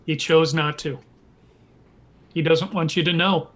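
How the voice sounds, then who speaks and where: A man's voice: a little high, steady tone, measured pace. A man playing in a tabletop game who explains things earnestly. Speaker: player.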